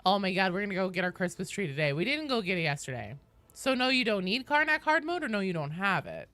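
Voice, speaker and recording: A woman's voice: medium pitch, big pitch swings, fast talker, a bit bright, dry recording. A young woman streaming a game, chatting casually and upbeat with viewers, swearing now and then and greeting people by name.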